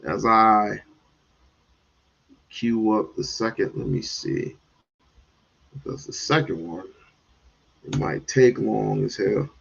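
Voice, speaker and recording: A man hosting a livestream, ranting in commentary with sudden loud bursts and chuckles. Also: fairly low pitch, slow, creaky, long pauses, breathy edge, dull audio. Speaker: streamer host.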